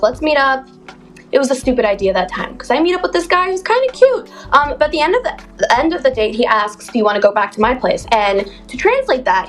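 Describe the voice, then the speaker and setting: A young woman in her twenties telling a storytime to camera, animated and blunt, swearing freely. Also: fairly high pitch. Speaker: TikTok storyteller. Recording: music bed underneath.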